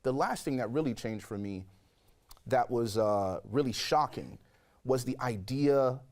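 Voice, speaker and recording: Animated storytelling man, mid-pitched. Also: a little slow. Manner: animated storyteller, acts out quoted voices. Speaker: guest sharing a conversion testimony. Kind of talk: storytelling interview.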